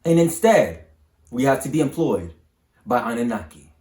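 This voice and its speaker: A man's voice: mid-range voice, big pitch swings, moderate pace, dark tone, echoey room. A man hosting his channel, delivering an emphatic, repetitive, preaching monologue to the camera. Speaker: channel host.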